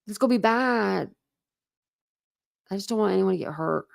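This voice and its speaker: A woman's voice: medium pitch, moderate pace, creaky. A woman from Ohio hosting a casual livestream chat, talking in a chatty, rambling way with many fillers. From Ohio, USA. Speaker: livestream host.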